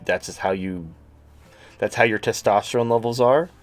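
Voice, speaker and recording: Lowish voiced guy rambling crude jokes on stream, faint music under. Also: normal speed. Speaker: host. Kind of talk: casual livestream talk.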